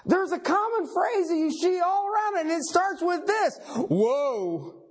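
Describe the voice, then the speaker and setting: A man's voice: very high-pitched, normal speed. A man preaching a sermon, emphatic and folksy, repeating key phrases for effect.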